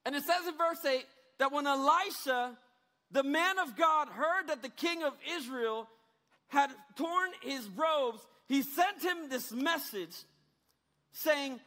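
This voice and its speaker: A male preacher delivering a sermon, retelling scripture in casual slang and rising to shouted emphasis. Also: very high voice, unhurried. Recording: reverberant hall.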